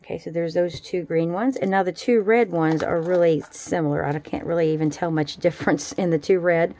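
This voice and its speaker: A woman casually showing off her handmade jewelry in a relaxed, chatty way at a home craft table. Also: on the low side, a little fast, slight background noise. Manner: chatty, relaxed, fond little asides. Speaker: jewelry-making vlogger. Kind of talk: casual show-and-tell.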